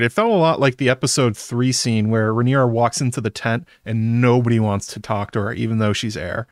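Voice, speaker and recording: A man streaming from home in a casual, rambling way, breaking off mid-sentence and chuckling between thoughts. His voice sits at an ordinary middle pitch, and the sound is close and dry with no room echo. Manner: chatty, self-interrupting, laughs often. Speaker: streamer recapping a TV episode. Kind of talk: casual live-stream chat.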